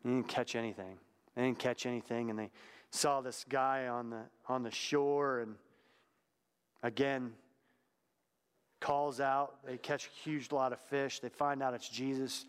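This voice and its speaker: A man delivers a sermon in an easy, talky manner, reflective and at times hushed. His voice sits at an ordinary middle pitch. A long reverb trails behind his words, as in a large hall. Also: steady tone, a little slow, clear, resonant tone. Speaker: preacher.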